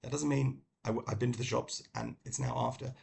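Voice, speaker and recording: A middle-aged man from London with a British accent, talking about books in a casual review, halting with many ums and restarts. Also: mid-range voice, fairly even intonation, vocal fry, darkish tone, slight background noise. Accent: British English. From London, England. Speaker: book vlogger. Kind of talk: casual book review talk.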